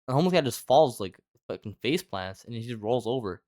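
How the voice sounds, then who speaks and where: A young man telling a story in casual chat, rambling, swearing a lot and filling every pause with "like". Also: mid-range voice, lively intonation, a little mellow, no room sound, studio quality. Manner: rambling, heavy filler "like", lots of swearing.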